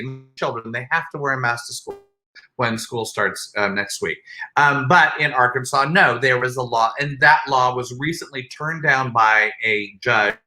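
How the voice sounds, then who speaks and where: A man co-hosting a podcast, chatting casually with animated, sarcastic asides and frequent laughs. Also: medium pitch. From United States. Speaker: podcast co-host. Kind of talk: casual chat.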